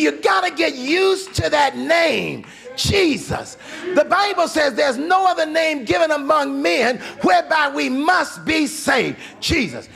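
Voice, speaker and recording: A man's voice: very high-pitched, creaky, sharp tone. A male pastor preaching a fervent sermon, urging listeners on with repeated calls. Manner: preaching with fervor, calls and repetition.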